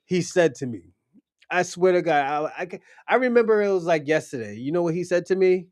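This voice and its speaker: A man's voice: high voice, lively intonation, moderate pace, dry recording, studio quality. A young adult man hosting a livestream, chatting casually in a blunt, profane, rambling storytelling way. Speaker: livestream host.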